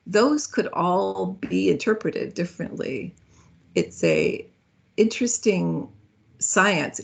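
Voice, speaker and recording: A woman's voice: fairly low pitch, vocal fry, husky. A woman speaking as a guest in a speaker series, in a conversational way with fillers and self-corrections.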